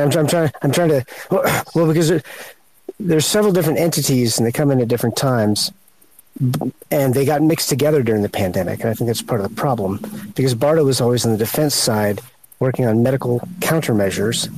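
A man answering a question on a panel, speaking haltingly and pausing to search for words. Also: medium pitch, darkish tone, poor audio. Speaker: panel guest.

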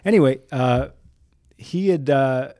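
A man's voice: mid-range voice, takes it slowly, no echo, studio quality. A man from Chicago, a news photojournalist, telling stories as a guest in a casual chat. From Chicago, USA. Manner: animated, lively storyteller.

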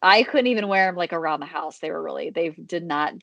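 A woman co-hosting a podcast from home, chatting excitedly and joking about shopping. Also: on the low side, brisk, vocal fry, dull audio, slight background noise. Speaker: podcast co-host. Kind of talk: casual chat. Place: at home, remote.

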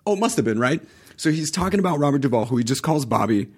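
Man, forties, gravelly fry, casual podcast storytelling, animated quoted voices. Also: fast talker. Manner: lively storyteller, acts out quotes with raised pitch and laughs. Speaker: podcast guest, actor. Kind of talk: casual anecdotal chat.

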